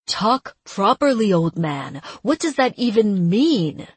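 Woman reading brash impatient character, demanding, husky, audiobook. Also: low voice, moderate pace, no echo. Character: brash, rude person, impatient with an old man.

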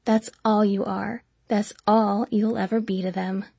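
A spiteful young woman bullying a rival, voiced by a woman reading a novel aloud. She drags her words out slowly, sugary on top and cruel underneath. The voice is husky and close, with no room around it. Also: medium pitch, level tone, a little mellow, no echo. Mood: taunting.

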